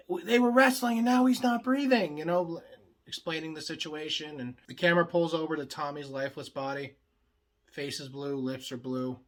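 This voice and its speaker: A young man pitching show ideas in a casual comedic monologue, rambling and swearing freely, full of filler words. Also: bright, forceful tone. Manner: acts out the other characters' lines in quick bursts.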